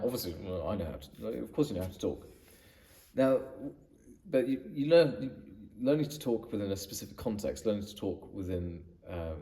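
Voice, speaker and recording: A man's voice: lowish voice, mellow. Man coaching from a distance. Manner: conversational, with frequent restarts and emphatic repetition. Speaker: business coach. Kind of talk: direct-to-camera advice video.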